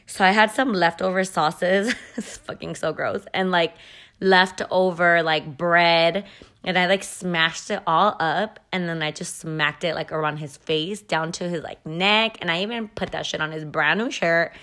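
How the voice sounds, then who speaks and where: Female podcast host, lower voice, loose profane storyteller. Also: fairly even intonation, unhurried, a bit bright. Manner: chatty and profane, heavy use of "like". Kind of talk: casual storytelling.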